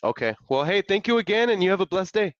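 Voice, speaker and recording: A young adult man hosting a live stream, talking in a slangy, excitable way and laughing often. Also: high voice, fast, dry recording. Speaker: live-stream host making real estate calls. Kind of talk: casual live-stream chat. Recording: dull lo-fi dry sound.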